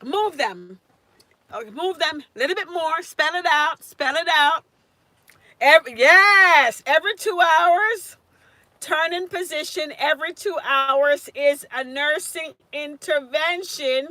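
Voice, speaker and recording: A woman's voice: sits high, a little slow, bright, forceful tone, no echo. A woman tutoring nursing students on a casual live stream, chatting and answering viewers' comments by name.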